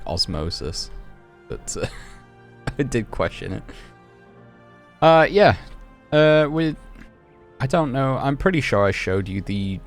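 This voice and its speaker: A man with a deep, low voice gives easygoing gameplay commentary, musing and second-guessing himself out loud. Soft music plays quietly underneath. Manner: rambling, self-questioning, chatty. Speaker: gaming streamer.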